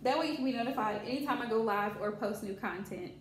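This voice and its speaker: A woman's voice: a little high, fast. A woman hosting a casual tarot vlog, chatty and talking straight to her viewers. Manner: chatty, addresses viewers as y'all, scolds her pet bunny. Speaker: tarot channel host. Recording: echoey room with background noise.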